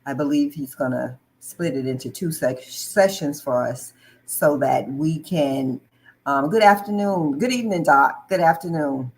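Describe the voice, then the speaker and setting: Low-voiced lady hosting a live online show, slow, lots of ums, says hi to folks as they join. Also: rough recording. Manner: friendly, filler-heavy, greets viewers mid-sentence. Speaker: host.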